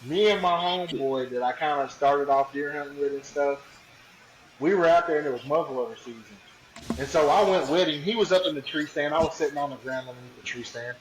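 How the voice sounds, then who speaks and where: A man, a podcast guest, telling a story in a slangy, animated, casual way. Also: fairly high pitch, brisk, roomy sound, a little hiss or hum, low-quality recording. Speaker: podcast guest, hunting ambassador.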